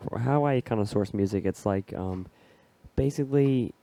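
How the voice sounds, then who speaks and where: Chill guy hosting a podcast, low dark voice, kinda raspy from a cold, slangy. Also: normal speed, no echo. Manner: laid-back, slangy. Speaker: podcast host. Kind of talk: casual podcast chat.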